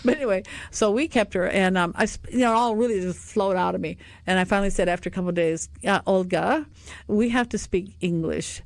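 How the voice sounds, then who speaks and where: A woman radio host with a Michigan accent chats casually, wandering into long stories and laughing along the way. Her voice sits at an ordinary middle pitch and sounds dry and close, with no room around it. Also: fairly even intonation, fast talker, few pauses, dry recording. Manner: chatty, laughs often, drifts into anecdotes. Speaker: radio talk show host.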